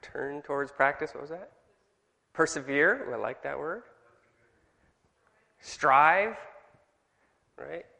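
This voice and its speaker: A Californian man teaches a church study group in a bright, forceful voice. He keeps throwing questions to the room. Long reverb from the hall trails every phrase. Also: a little high, expressive, takes it slowly, creaky, long pauses. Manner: chatty, asks the group questions. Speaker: Bible study leader.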